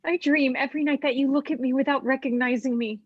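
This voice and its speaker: Woman reading as a shaky, dreamy young actress, voice sitting high, dull dry home stream sound. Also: steady tone, husky, no echo. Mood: wistful. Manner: wistful, tremulous, halting. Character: young actress Nina, fragile and yearning. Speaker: reader in a live streamed play reading. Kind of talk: dramatic stage reading.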